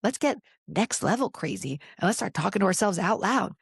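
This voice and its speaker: A woman's voice: medium pitch, lively intonation, normal speed, creaky, few pauses, slightly rough, no echo, studio quality. A woman hosting a motivational podcast, talking to listeners in an encouraging, conversational way. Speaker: podcast host.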